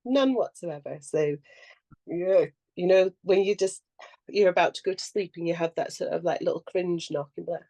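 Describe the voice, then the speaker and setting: Woman, young adult, somewhat low voice, casual podcast chat, animated storytelling, acts out quotes, laughs often. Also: normal speed. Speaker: actor and podcast co-host.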